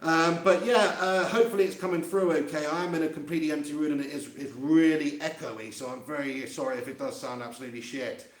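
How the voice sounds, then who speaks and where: A man with a fairly high, steady-toned voice speaks fast as host of a fan channel's live reaction stream. He keeps the chat casual, laughs often and reads out what viewers write, using a handheld mic close to his mouth in an empty, echoey room.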